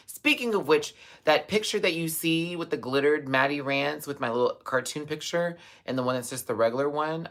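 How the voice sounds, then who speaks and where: A young man hosting a live stream, reading viewer comments and chatting casually, with sudden high exclamations and bursts of laughter. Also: fairly bright tone.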